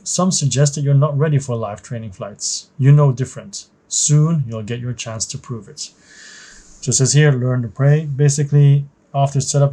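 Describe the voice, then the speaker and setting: A man's voice: mid-range voice, warm tone, breathy edge. A man hosting a solo board game playthrough, reading the rules and story aloud and explaining as he goes, thinking aloud. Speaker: board game channel host.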